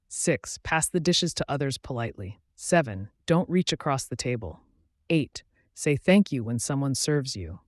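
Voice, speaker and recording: A man reading numbered everyday phrases slowly and clearly for learners. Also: medium pitch, no room sound, studio quality. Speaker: English teacher.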